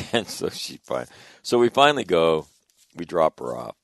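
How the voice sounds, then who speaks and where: Middle-aged male radio host, low voice, dry booth sound; wry, rambling storyteller. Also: sing-song, unhurried, vocal fry, fairly bright tone, no echo. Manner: rambling, chatty anecdote with wry asides. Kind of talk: casual on-air storytelling.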